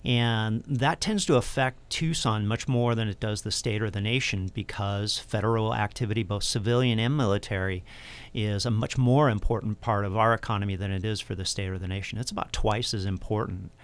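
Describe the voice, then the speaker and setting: A man who directs an economic research center, answering interview questions in a measured, explanatory way with frequent fillers. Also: on the low side.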